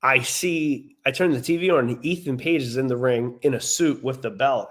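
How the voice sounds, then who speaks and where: A man co-hosting a wrestling podcast speaks in a mid-range, slightly bright voice at a moderate pace with few pauses. His storytelling is rambling and casual, packed with fillers.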